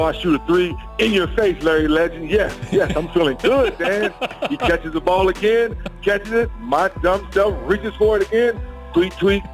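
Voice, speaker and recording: A man, a former player, telling a lively story and acting out what was said to him. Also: fairly high pitch. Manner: animated storyteller, acts out quotes. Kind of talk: anecdote on a podcast.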